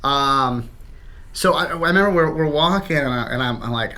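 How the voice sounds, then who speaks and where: A man's voice: on the high side, animated, normal speed, sharp tone. A young adult man co-hosting a casual podcast, telling a profane story and acting out the quotes. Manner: laughing, profane, acts out quotes. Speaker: podcast co-host.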